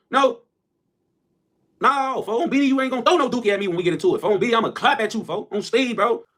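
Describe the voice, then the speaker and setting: High, fast-talking man. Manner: animated and profane, saying "folks" constantly. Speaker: livestreamer. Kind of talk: storytelling and joking on a live stream.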